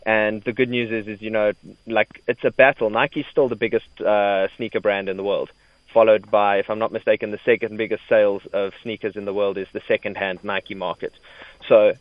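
Low-voiced relaxed tech blogger man. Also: fairly quick, dry recording, lo-fi sound. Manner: relaxed, explains at length with fillers. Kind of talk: radio interview explaining.

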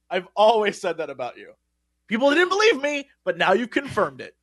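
Lively high-voiced man telling stories. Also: normal speed, dry recording, clean studio sound. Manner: animated storyteller, laughs often. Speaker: podcast co-host. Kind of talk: casual chat.

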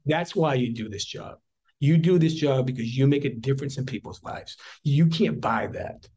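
A man's voice: mid-range voice, normal speed, mellow, breathy edge, poor audio. Older male prosecutor, earnest interviewee, restarts often mid-sentence. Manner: earnest, storytelling with frequent restarts. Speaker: district attorney. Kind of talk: interview talk.

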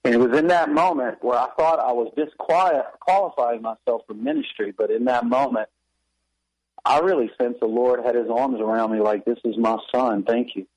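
A man's voice: mid-range voice, normal speed, a little mellow, poor audio. Candid man telling his own story. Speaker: pastor and author. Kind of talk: personal testimony in a radio interview.

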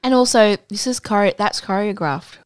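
A woman with a mid-range voice co-hosts a podcast, reading a listener's story aloud with a dry, deadpan delivery. Her asides come out just as blunt. The recording is close and dry, with no room sound. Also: medium pitch, normal speed, smooth, no room sound. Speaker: podcast co-host.

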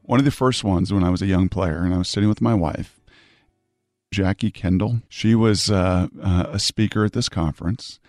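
A middle-aged man from Washington State hosting an interview, telling stories in an animated, emphatic way. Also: low voice, moderate pace, no echo, clean studio sound, soft background music. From Puyallup, Washington, USA. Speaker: host. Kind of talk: conversational storytelling interview.

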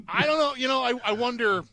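A sports podcast co-host with a very high-pitched, pushed and bright voice chats casually at a moderate pace in a dry recording. He's hesitant, often restarting or trailing off, and acts out quotes of what players might say.

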